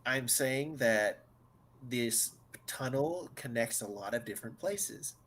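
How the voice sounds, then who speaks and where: Man, game master, tabletop narration, slow, halting, filler-heavy. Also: medium pitch, lively intonation, fairly bright tone.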